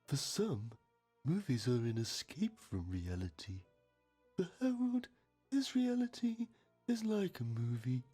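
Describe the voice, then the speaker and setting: Game narrator: a man playing a grave, deadpan TV documentary host, mellow and husky, over faint music. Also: medium pitch, unhurried. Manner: deadpan, solemn documentary delivery. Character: solemn male TV documentary narrator.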